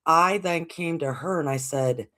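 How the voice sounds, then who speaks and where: Slow-talking woman telling stories. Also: deep voice. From United States. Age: 40s. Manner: animated, acts out quoted voices, laughs often. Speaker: livestream host. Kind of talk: casual storytelling.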